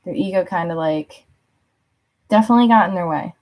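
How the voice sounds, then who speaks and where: A woman's voice: fairly low pitch, brisk, a little mellow. A young woman giving a casual spoken tarot reading, chatty with many fillers, laughing often and acting out little quotes. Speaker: tarot reader.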